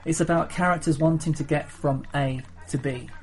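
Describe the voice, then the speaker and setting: A man's voice: a little high, fairly even intonation, normal speed. A man co-hosting a casual film chat podcast, talking in a rambling, playful way with many fillers. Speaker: podcast co-host.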